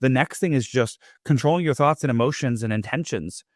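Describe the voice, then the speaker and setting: A man in a middle register hosts his own podcast in a relaxed, rambling monologue. He keeps dropping "like" and "right?" as he goes. The recording is dry, with no room echo. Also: medium pitch, a little fast. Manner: loose, chatty, leans on "like" and "right?". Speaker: podcast host. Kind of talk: casual motivational monologue.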